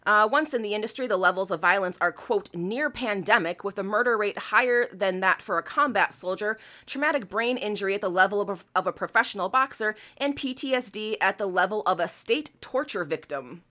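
A woman's voice: medium pitch, a little fast, hardly any pauses, sharp tone. A woman co-hosting a casual chat, reading quotes aloud and mocking them with sarcastic, laughing, incredulous asides. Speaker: podcast co-host.

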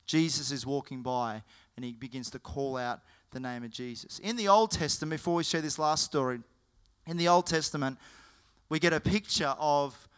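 Male preacher, animated storyteller, clear and resonant, slightly high voice. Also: normal speed. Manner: animated, with frequent self-corrections. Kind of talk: sermon storytelling.

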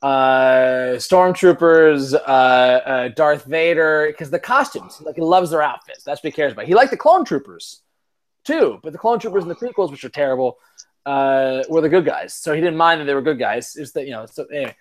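A man's voice: a little high, expressive, moderate pace. A man hosting a podcast in casual chat, telling rambling, self-mocking stories and swearing casually. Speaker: podcast host.

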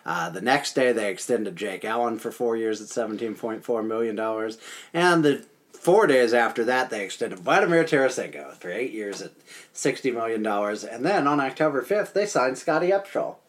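A man's voice: medium pitch, expressive, normal speed. A man co-hosting a casual sports podcast, running through dates and trades with frequent laughs. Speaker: podcast co-host.

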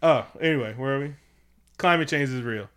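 A man co-hosting a casual comedic chat at home, animated and profane, often slipping into mocking quoted voices. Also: mid-range voice, fairly quick, clear, resonant tone. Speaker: podcast co-host.

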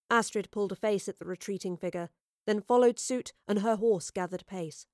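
A woman narrates a storybook in a steady, expressive manner. Her voice sits at a middle pitch. The recording is dry and close, with no room sound. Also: normal speed, dry recording. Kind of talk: storybook reading.

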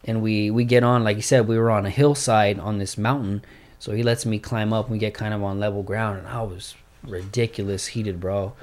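A man telling a fight story in casual, profane, animated chat. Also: on the low side, brisk.

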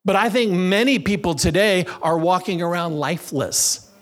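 Male preacher, middle-aged, slightly high-pitched; emphatic sermon delivery, drawing out key phrases. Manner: emphatic, slows down to stress scripture phrases.

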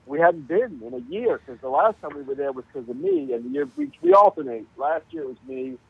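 A man chatting in a deadpan, dry-humored way. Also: high voice, fairly quick, vocal fry, slightly rough, no room sound, narrow, tinny audio. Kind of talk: casual group chat.

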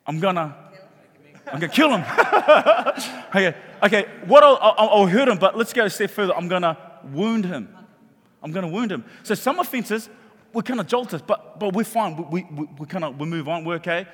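A man preaching a sermon in a church hall, animated and jokey, often repeating his words. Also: high voice, normal speed. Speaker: pastor. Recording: long hall reverb.

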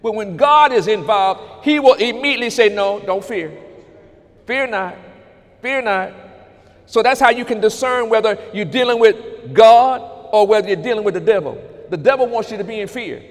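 A pastor with a high-pitched voice preaches a sermon at a moderate pace in a large church hall. He quotes scripture and calls out to the congregation in call-and-response.

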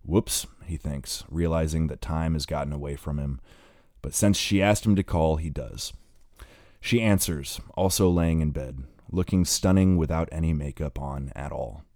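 A man with an extremely low, dark voice narrates an audiobook. His reading is plain and measured. He is recorded on a close mic in a dry space. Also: no room sound.

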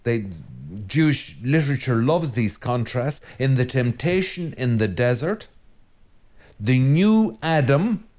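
An Irish priest giving a Sunday homily in a conversational, digressive way, repeating phrases for emphasis. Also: male voice, medium pitch, lively intonation, measured pace, few pauses, a little mellow.

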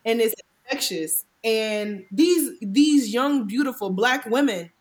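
American woman host in her thirties, casual podcast storyteller, animated and emphatic, slightly high voice. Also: slow, low-quality recording. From Cleveland, USA.

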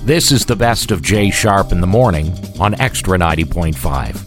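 A man's voice: deep voice, animated, moderate pace. A man hosting a morning radio show with dry, mock-grumpy humour. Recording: music playing behind.

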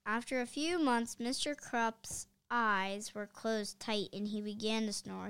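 Woman reading a kids' book aloud, expressive, slightly high voice, very slow pace. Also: smooth. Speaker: reader.

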